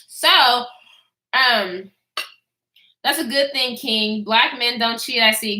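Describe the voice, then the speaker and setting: A woman's voice: fairly high pitch, slow, sharp tone. A woman in her twenties telling a casual story to her live chat, blunt and profane, chatting back to the viewers as she goes. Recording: echoey room.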